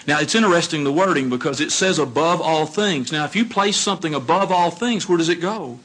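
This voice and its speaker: Male preacher, husky, animated delivery, asks the congregation questions. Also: a little high, brisk. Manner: animated storytelling, acts out dialogue, asks the audience questions. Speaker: congregation speaker. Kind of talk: sermon.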